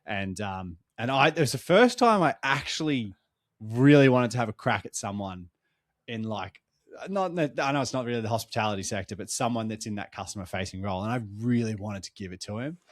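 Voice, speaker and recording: A man's voice: lowish voice, a little fast, no room sound, clean studio sound. A young Australian man, tired after a long trip, telling stories in a casual chat, swearing freely as a podcast co-host. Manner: swearing, animated storytelling.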